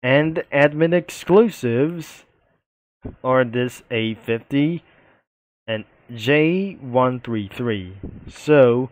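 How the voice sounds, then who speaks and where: A man giving halting voice-over commentary on a game, slowly reading out long lists of character names. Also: medium pitch, animated, dry recording. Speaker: game video narrator.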